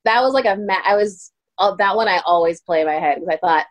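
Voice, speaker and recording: Woman telling lively stories. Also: fast. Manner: animated, acts out quotes with lively pitch jumps. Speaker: guest, pastry chef turned ice cream maker. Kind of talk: casual interview storytelling.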